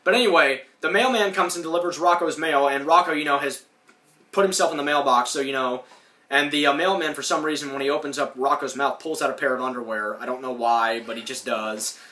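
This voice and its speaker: Bright-voiced man recapping a cartoon. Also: mid-range voice, brisk, roomy sound, distant mic. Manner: rambling, acts out lines in put-on voices. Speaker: podcast host. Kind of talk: casual recap of a cartoon episode.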